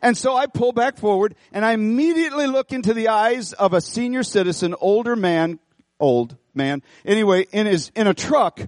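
Animated man preaching a folksy sermon. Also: high-pitched, normal speed, dry recording, studio quality. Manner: animated, folksy, repeats phrases. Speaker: pastor. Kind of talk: sermon with storytelling. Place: church auditorium.

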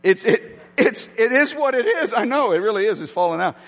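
A male pastor preaches in a church hall, his fairly high voice leaping all over the place as he pokes fun at himself. He stumbles and restarts often, and long reverb trails behind him. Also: brisk. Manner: animated, self-mocking storytelling with many restarts. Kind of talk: sermon.

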